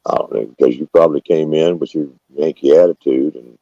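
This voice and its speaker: Very deep gravelly man. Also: fairly even intonation, fairly quick, dark tone, dry recording, lo-fi sound. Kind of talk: casual chat.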